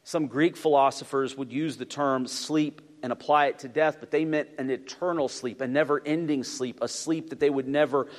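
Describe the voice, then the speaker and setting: A man preaching a sermon in an animated way, asking his audience to call out answers. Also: mid-range voice, normal speed, few pauses, long reverb tail. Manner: animated, asks the audience to respond. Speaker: pastor.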